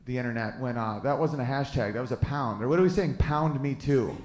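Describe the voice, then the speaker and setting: A man's voice: mid-range voice, quick pace, heavy background noise. A man in his thirties doing stand-up comedy, crude and brash as he tells a story. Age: 30s. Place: live comedy venue. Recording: echoey live room, crowd laughter.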